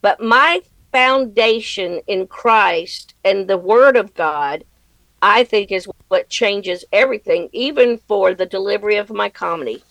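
A woman's voice: mid-range voice, a little slow, a bit bright, no room sound, rough recording. A middle-aged woman comedian giving a guest interview, talking earnestly and reflectively and laughing easily. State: widowed. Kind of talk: conversational interview answers.

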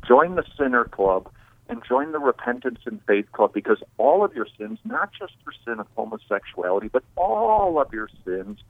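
A man's voice: mid-range voice, normal speed, creaky, no room sound. Man preaching emphatically over a phone line. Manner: emphatic, animated, builds to preacher's proclamations. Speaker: call-in guest.

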